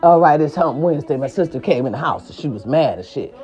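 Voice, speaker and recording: A woman, hosting a casual monologue and scolding her viewers in a brash, profane way, with her voice jumping high for emphasis. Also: expressive, fast, warm tone, soft background music. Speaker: host of a talk segment. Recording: slightly dull lo-fi sound.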